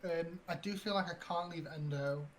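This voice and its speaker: A man with a fairly high voice plays a tabletop game, stumbling through his turn with ums and restarts. There is a faint hiss behind him. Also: moderate pace. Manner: hesitant, full of fillers. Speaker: player.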